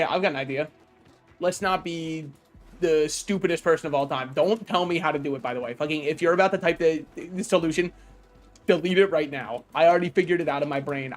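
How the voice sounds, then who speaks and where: Loud, joking male game streamer. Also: a little high. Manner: projects his voice loudly, joking and self-mocking. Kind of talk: casual gameplay livestream commentary.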